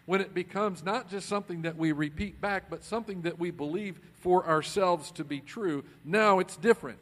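A man preaching a conversational sermon as a pastor, swinging between loud emphasis and quiet asides. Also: sits high, moderate pace.

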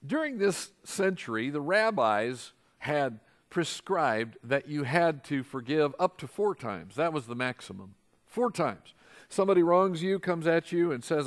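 Animated male pastor preaching. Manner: animated, acts out quoted voices with big jumps in pitch and volume. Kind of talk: sermon.

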